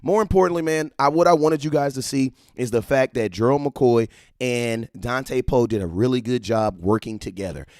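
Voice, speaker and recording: A man hosting a casual live-stream about football, animated and slangy, repeating himself and breaking into excited shouts. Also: mid-range voice, no echo, studio quality. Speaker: live-stream sports talk host.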